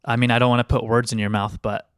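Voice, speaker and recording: A man's voice: medium pitch, little pitch movement, fast talker, fairly bright tone, clear, resonant tone, dry recording, studio quality. A man co-hosting a podcast in a laid-back, wry, slightly hesitant chat. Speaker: podcast co-host.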